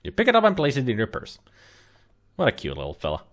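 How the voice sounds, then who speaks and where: A man's voice: mid-range voice, huge pitch swings, fast talker. A man hosting a let's play, reading out game text and adding dry joking asides.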